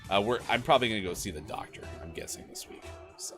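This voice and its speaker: Over loud background music, a man with a fairly low voice talks fast as he co-hosts a gaming morning show. He's getting over a cold, so his voice sounds a bit worn. Still, he stays chatty and energetic, speaking casually and directly to the stream chat.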